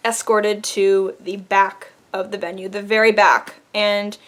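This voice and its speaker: A woman's voice: mid-range voice, little pitch movement, unhurried. Chatty young woman telling a story. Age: young adult. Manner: chatty, laughs while telling, many fillers. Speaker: vlogger. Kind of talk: casual story time.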